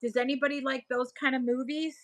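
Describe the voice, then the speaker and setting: On her live stream, a middle-aged seller with a Buffalo, New York accent chats her way through viewer comments, reading them out and answering. Her slightly high, a-bit-bright voice stays level in tone as she talks fast, rambling, often trailing off and restarting. The sound is close and dry, without any room echo.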